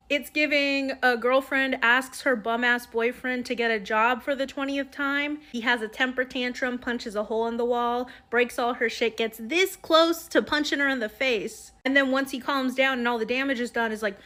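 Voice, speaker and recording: A woman's voice: on the high side, moderate pace, hardly any pauses, a bit bright. A woman delivering an angry, profane, sarcastic political rant straight to her viewers. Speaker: political commentator. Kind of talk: ranting commentary to camera.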